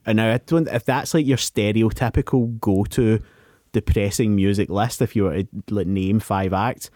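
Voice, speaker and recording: A man's voice: fairly low pitch, moderate pace, warm tone, no room sound, studio quality. A young man co-hosting a podcast, musing in a self-deprecating, casual way. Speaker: podcast co-host. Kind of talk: casual chat.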